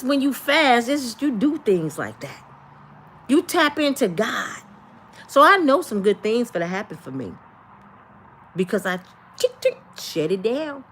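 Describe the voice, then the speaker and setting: An older woman, hosting a casual livestream and talking to her viewers with animated, preachy energy. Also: on the high side, slight background noise. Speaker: livestream host.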